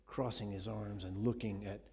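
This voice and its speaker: A male preacher tells a scripture story with dramatic shifts and direct questions to his listeners. His tone is dark and mellow. A long reverb rings after his words, as in a large hall. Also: on the low side, steady tone, moderate pace. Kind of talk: sermon storytelling.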